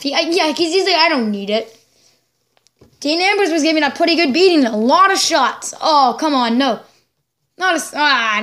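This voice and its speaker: A woman hosting a reaction video, giving excitable live commentary, exclaiming and laughing along as she watches. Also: high voice.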